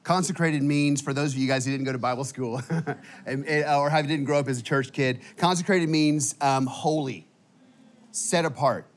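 A man preaching a sermon in a church, energetic and casual, with many fillers and restarts, sometimes emotional. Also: fairly high pitch, moderate pace. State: emotional at times. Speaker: guest preacher. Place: church auditorium.

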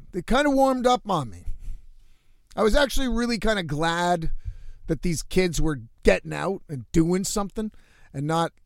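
A man's voice: high voice, vocal fry, no echo, clean studio sound. A man, a musician living in a van, telling a story in a rambling, heavily cursing, casual way. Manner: profane, rambling, animated storytelling. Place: inside a van.

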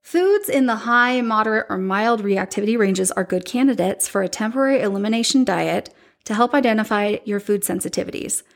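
A woman, around her forties, hosting a podcast and telling a personal family story in a chatty, candid way, often slipping into animated quoted voices. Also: medium pitch, a little fast, creaky. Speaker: podcast host.

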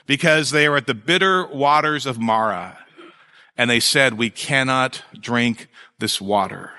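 A male pastor preaching a sermon in a conversational, animated way, with jokes and asides to his congregation. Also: medium pitch, a little slow, big-room sound.

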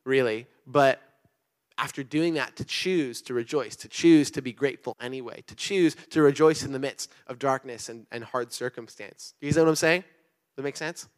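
A young man giving a relaxed, chatty sermon to a church audience, speaking loosely with many fillers like "um" and "like". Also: medium pitch, moderate pace. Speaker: pastor. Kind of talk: casual youth sermon.

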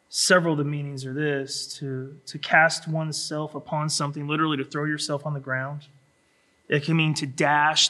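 A man preaching a sermon, acting out scripture in a dramatic voice that drops low and rises to a shout. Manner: dramatic voicing of scripture, swinging from hushed to shouting. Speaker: pastor.

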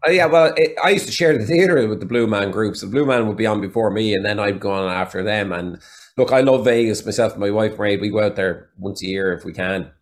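A man's voice: on the low side, fast talker. An Irish man talking as a podcast guest, telling stories in a chatty, candid way. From Ireland. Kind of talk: casual interview chat.

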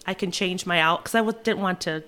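A young woman, a flight attendant, telling a rushed travel story in casual chat, acting out quotes and laughing often. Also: fairly low pitch, bright, forceful tone.

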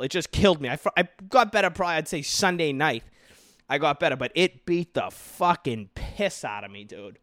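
A brash young man rants loosely on his solo podcast, swearing freely and tossing in "dude" and "okay" all the time. His voice sits a bit high for a man, and the sound is dry and close with no room around it. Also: fairly bright tone, dry recording. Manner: profane, brash, rambling, says dude and okay a lot. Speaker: comedian podcast host. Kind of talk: casual solo podcast rant. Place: his own home.

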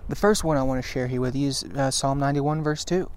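A man's voice: mid-range voice, darkish tone, clean tone. Earnest man giving devotional encouragement. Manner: earnest and encouraging, repeats phrases for emphasis; halting with frequent restarts. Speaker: Christian video teacher. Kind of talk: devotional talk to camera.

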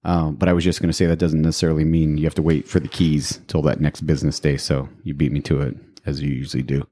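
A man with a very deep voice chats casually as a podcast co-host. His tone is dark and mellow, and he rambles along in a laid-back way. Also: little pitch movement, fast talker.

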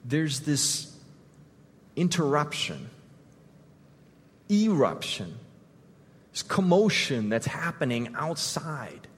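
A man preaching a sermon as pastor, retelling scenes vividly and swinging from loud to hushed. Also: fairly high pitch, very animated, slow pace, pauses often, husky, big-room sound.

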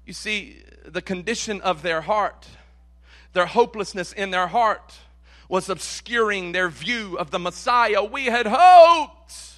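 A male pastor preaching a sermon. He repeats key phrases dramatically and swings from loud to hushed. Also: sits high, unhurried.

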